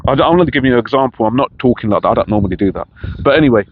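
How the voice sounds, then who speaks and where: A man's voice: mid-range voice, animated, rapid-fire. Rambling middle-aged man, lo-fi. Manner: rambling, chatty, many restarts. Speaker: vlogger. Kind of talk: casual outdoor chat. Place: outdoors in a park. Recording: dull lo-fi sound with faint noise.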